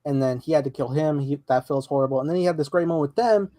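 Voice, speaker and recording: A man co-hosting a podcast, recapping a TV episode in relaxed, rambling casual chat with many fillers. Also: fairly high pitch, fast talker, no echo. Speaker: podcast co-host.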